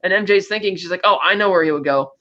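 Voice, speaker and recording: A man co-hosting a casual movie review chat, rapidly recapping the plot and acting out the characters' lines. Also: high-pitched, pushed and bright, highs cut off. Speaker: podcast co-host.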